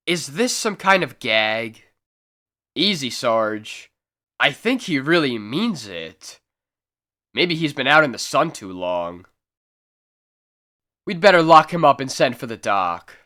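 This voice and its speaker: A man doing a gruff police sergeant. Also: mid-range voice, big pitch swings, slow, pauses often, bright, forceful tone, heavily acted. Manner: gruff, dismissive.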